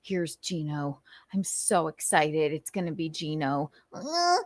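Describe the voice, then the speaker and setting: A woman voicing an excited female house cat, whispering breathily and then mewing in a squeaky voice. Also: unhurried, no echo, clean studio sound. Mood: giddy.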